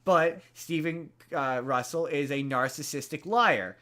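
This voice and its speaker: A man's voice: a little high, unhurried, sharp tone. A man hosting a podcast, casually retelling a movie's plot in a rambling way, full of fillers and restarts. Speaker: podcast host.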